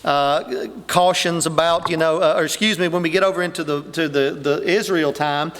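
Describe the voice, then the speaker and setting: An older male preacher with a high, ringing voice delivers an emphatic sermon, his voice swelling as he drives his points home. His words carry a long reverb from the church hall around him. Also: fairly even intonation, normal speed, a bit bright. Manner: emphatic preaching, rising and intensifying on key points. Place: church sanctuary.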